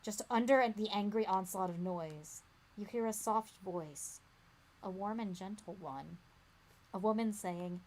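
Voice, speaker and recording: A woman acting as game master, reading a gamebook aloud with dramatic suspense that drops to a hush. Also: medium pitch, a little slow, slight background noise.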